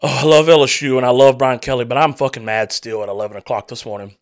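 A man's voice: medium pitch, fairly even intonation, fast talker. A man hosting a sports podcast, venting in a fired-up, profane solo rant full of restarts.

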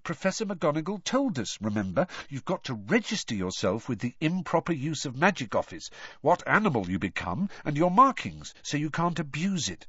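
A cross, insistent teenage girl witch, as a male narrator puts her on, lifted a little higher than his own voice. Determined and studious, with a lively pitch and a dry, dull audiobook sound. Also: moderate pace, slightly rough, no room sound, exaggerated voice. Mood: explaining.

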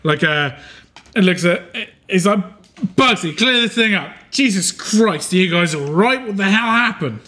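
A man running an improvised tabletop game as its narrator, stopping and restarting often and filling gaps with "um" and "like". His voice is bright and sits a touch high, and he talks in loose, chatty bursts. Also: expressive. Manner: halting, full of "um" and "like", laughing often. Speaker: game master.

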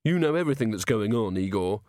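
A man voicing a steady young female watch officer in an audiobook, level and matter-of-fact. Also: lowish voice, quick pace, no room sound, studio quality, lightly acted. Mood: firm. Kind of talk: audiobook character voice.

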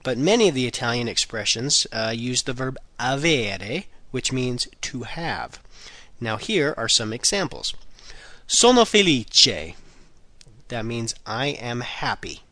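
A man hosting a podcast language lesson who repeats phrases slowly for learners. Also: mid-range voice, animated, bright, forceful tone, dry recording. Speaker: language teacher, podcast host.

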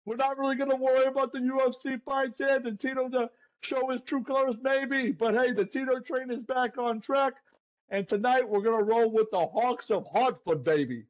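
A man with a very high, bright voice talks up his sports bet in a brash, playful way. He is a co-host on a betting podcast and keeps throwing in "baby" as he hypes himself up. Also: rough recording. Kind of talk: hyped-up betting picks chat.

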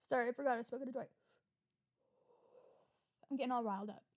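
A young woman hosting a solo podcast, rambling in an animated, swearing manner and getting riled up as she talks. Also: on the high side, brisk. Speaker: podcast host.

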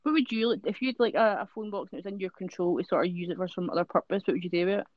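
A woman's voice: fairly low pitch, very fast, dry recording. Chatty Dundee woman, lo-fi. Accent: Dundee Scottish. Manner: chatty, swears freely, laughs often. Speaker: podcast co-host. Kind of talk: casual chat. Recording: dull lo-fi sound.

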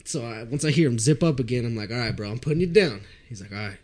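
A young man telling a drinking story in casual chat, animated and profane, often laughing. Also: medium pitch, fast.

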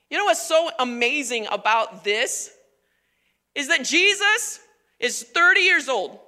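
Woman preaching at church, high bright voice, chatty and emphatic, big echoey hall. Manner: animated, emphatic, conversational. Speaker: pastor. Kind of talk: sermon. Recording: long reverb of a large hall.

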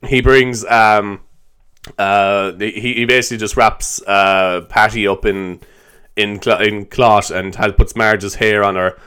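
Rambling young podcast host. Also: male voice, lowish voice, fairly even intonation, slow pace, sharp tone, clean tone. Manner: rambling, swears and laughs often. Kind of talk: solo improvised podcast chat.

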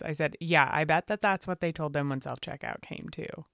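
A woman with a low, smooth voice holds forth in casual podcast talk. She's blunt and profane. Her sound is close and dry. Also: fairly even intonation, normal speed, few pauses, fairly bright tone, dry recording. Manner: profane, opinionated, mimics people in high voices. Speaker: podcast co-host. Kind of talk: casual chat.

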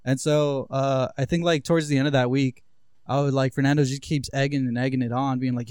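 A man's voice: mid-range voice, level tone, a little fast, a little mellow, clear, resonant tone, dry recording, clean studio sound. A young man hosting a podcast, telling a casual story in loose, profane talk full of "like". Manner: loose, profane, heavy use of filler "like". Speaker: podcast host.

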